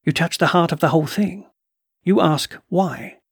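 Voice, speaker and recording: Brief: quiet, assured occult doctor, gravelly and husky, read by a man. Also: a little high, dry recording, studio quality, voice pushed up. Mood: gentle. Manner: quiet, measured, gently assured. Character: calm commanding male occult doctor.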